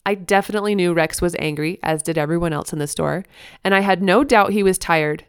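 A woman in her thirties hosting a parenting podcast, speaking earnestly, laughing softly now and then as she reads her own blog post. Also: on the low side, fairly quick, smooth, dry recording, clean studio sound. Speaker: podcast host.

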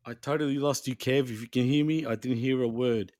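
A man's voice: medium pitch, fairly even intonation, fairly quick, darkish tone, no echo, studio quality. A man co-hosting a casual wrestling podcast, swearing bluntly and joking. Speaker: podcast co-host.

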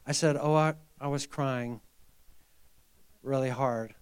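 A middle-aged male pastor preaching a sermon, telling a story and then building to fervent exhortation, moving from hushed tones to loud emphasis. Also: mid-range voice, steady tone, slow pace, clean tone.

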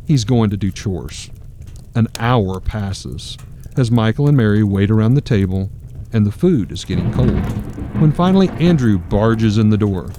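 Brief: male narrator, grave and measured, low and mellow, faint hiss behind. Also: expressive. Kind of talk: dramatic storytelling narration.

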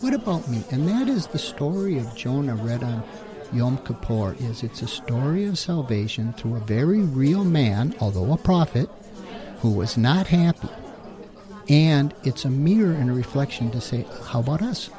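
Mellow-voiced man teaching with rhetorical questions. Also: medium pitch, expressive, moderate pace, faint music behind. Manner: rhetorical questions, emphatic explaining. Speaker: co-host teaching the Bible. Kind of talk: casual teaching talk.

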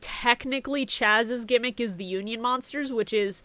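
A woman co-hosting a casual podcast, profane and excitable, laughing often. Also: fairly high pitch, normal speed, no echo. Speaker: podcast co-host. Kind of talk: casual chat.

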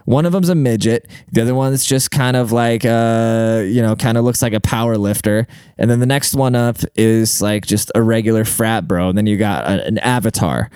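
A man's voice: fairly low pitch, moderate pace, few pauses, darkish tone, smooth, dry recording, clean studio sound. A man rambling through a casual comic monologue, profane and self-deprecating, full of fillers. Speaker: comedian and podcaster.

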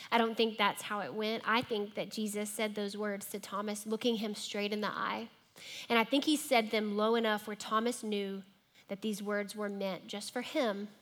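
A woman preaching a sermon in a church, gentle and reflective, often dropping her voice to a near whisper. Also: mid-range voice.

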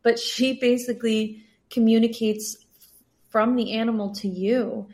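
A woman guest on a podcast, telling personal stories in an earnest, sometimes animated way. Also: on the high side, unhurried. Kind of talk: casual podcast conversation.

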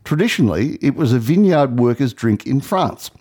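A man's voice: medium pitch, lively intonation, normal speed, dark tone, breathy edge. A man chatting on air, his voice rising and falling freely as he reads out items. He stumbles into fillers and restarts as he goes. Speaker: radio co-host. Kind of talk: casual on-air chat.

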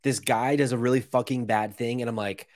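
A man's voice: mid-range voice, fairly even intonation, fairly quick, no room sound, clean studio sound. A man co-hosting a movie podcast, blunt and sarcastic, swearing as he rants. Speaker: podcast co-host. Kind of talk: casual podcast banter.

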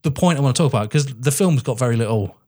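Animated man reviewing films. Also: quick pace. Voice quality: animated, emphatic, rising pitch when excited. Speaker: podcast co-host. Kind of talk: casual film review chat.

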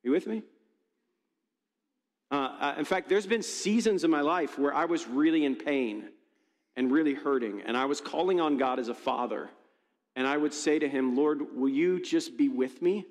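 A man's voice: on the high side, normal speed, long pauses. A man preaching a sermon as a pastor, in a conversational, storytelling way with frequent restarts. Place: church auditorium. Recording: long reverb of a large church hall.

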